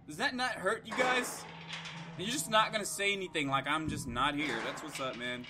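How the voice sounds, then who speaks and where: A young man casually commenting while playing a horror game, joking and yelling in fright. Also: fairly high pitch, normal speed, very noisy. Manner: loud, jokey, yelps when scared. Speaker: gaming YouTuber.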